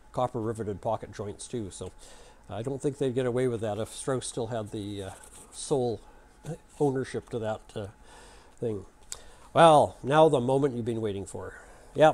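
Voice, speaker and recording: A man's voice: medium pitch, warm tone. A man hosting his own video channel, telling stories and jokes in a folksy, chatty, rambling way. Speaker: YouTube channel host. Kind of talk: casual storytelling and joke telling to camera.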